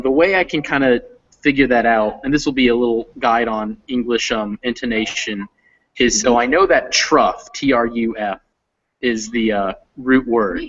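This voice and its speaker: A man's voice: mid-range voice, a bit bright. A man tutoring English pronunciation online, explaining patiently step by step. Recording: muffled lo-fi audio.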